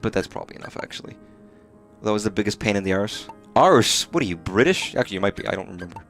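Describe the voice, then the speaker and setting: A man's voice: on the low side, very fast, creaky, soft background music. A man streaming live gameplay, rambling and swearing casually, sounding exhausted and sleepy. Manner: rambling and profane.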